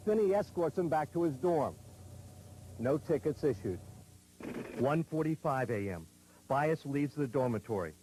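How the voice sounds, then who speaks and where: News reporter guy reading a timeline, slightly high voice, faint hum under it. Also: animated, warm tone, poor audio. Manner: measured, grave. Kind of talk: scripted news narration.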